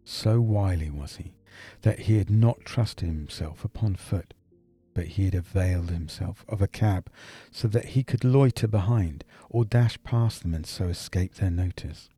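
In an audiobook character reading, a man plays a brilliant detective, heavily acted, with a very low, dark voice edged with slight huskiness. He explains briskly and dryly in crisp, measured phrases while soft music plays faintly behind him.

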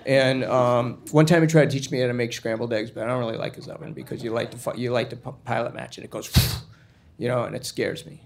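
A man's voice: medium pitch, fairly even intonation, fairly quick, gravelly, a little hiss or hum, natural voice. A man voicing a chatty, guileless young boy. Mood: earnest. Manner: rambling, earnest, full of asides. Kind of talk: storytelling monologue.

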